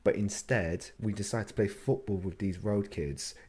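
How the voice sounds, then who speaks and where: A man's voice: lowish voice, moderate pace. A young man co-hosting a podcast, trading joking, sweary banter in casual chat with frequent laughs. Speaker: podcast co-host. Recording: noisy recording.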